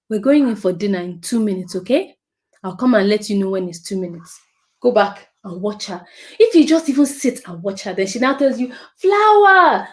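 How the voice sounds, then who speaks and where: A woman giving a parenting talk, expressive and repeating phrases for emphasis. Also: a little high. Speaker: parenting speaker.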